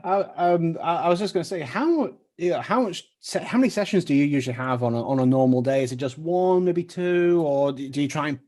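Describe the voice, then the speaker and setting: A man hosting an interview, asking halting, friendly questions and laughing often. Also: a little high, animated, darkish tone. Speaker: podcast host. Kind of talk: casual interview chat.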